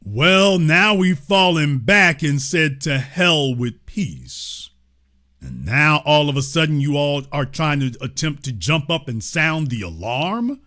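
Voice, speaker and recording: A middle-aged man hosting impassioned political commentary, preaching and rising to near-shouts, mocking the people he quotes. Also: fairly high pitch, big pitch swings, measured pace, few pauses.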